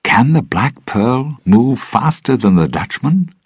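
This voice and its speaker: A man's voice: medium pitch, sing-song, takes it slowly, breathy edge, no room sound, clean studio sound, pitched above the performer's own voice, heavily acted. A man voicing an earnest young male sailor who speaks eagerly in a storybook reading. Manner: eager, shouting warnings.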